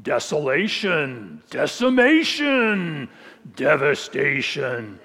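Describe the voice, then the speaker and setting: A booming, ominous movie trailer announcer, as a preacher puts him on, drawing out each word slowly and dramatically. The voice is pitched a touch high for the part and rings through a large, echoey hall. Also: male voice, sing-song, bright, forceful tone, full character voice. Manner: slow, booming dramatic delivery.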